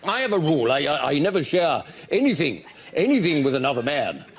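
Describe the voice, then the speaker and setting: A man's voice: fairly high pitch, sing-song, fairly quick, breathy edge, heavily acted. A man doing an impression of a bumbling, greedy posh English politician, with blustering exclamations.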